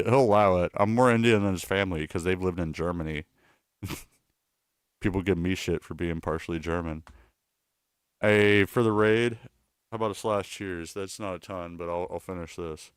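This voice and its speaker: A man's voice: low-pitched, clear, resonant tone, no echo, clean studio sound. A man streaming live in a casual, rambling way, reading and answering chat with self-mocking asides.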